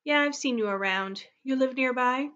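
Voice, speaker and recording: Woman reading as a friendly schoolgirl, chatty, a bit high, lo-fi audio. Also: normal speed, a bit bright, smooth. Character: friendly seventh-grade girl.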